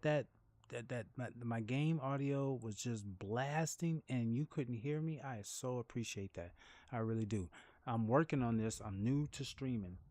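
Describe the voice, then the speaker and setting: Rambling man. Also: mid-range voice. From New Orleans, Louisiana. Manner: rambling, repeats and restarts words; animated storytelling with laughs. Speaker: game streamer. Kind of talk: casual livestream chat.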